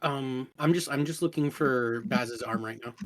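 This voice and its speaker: A man's voice: medium pitch, moderate pace, a crowd in the background. A man playing a tabletop game, plainly describing what his character does. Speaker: player. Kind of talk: casual tabletop role-play.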